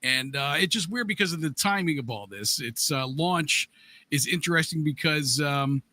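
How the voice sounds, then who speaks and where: A man's voice: fairly high pitch, expressive, normal speed, bright, forceful tone. A man co-hosting a podcast, reading the news casually with many fillers and laughing easily. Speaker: podcast co-host.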